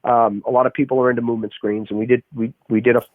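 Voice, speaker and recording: A man's voice: mid-range voice, flat delivery, rapid-fire, dry recording. A man with a Boston accent, a strength coach explaining his methods in an emphatic podcast interview, restarting often. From Boston area. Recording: tinny phone-like remote call.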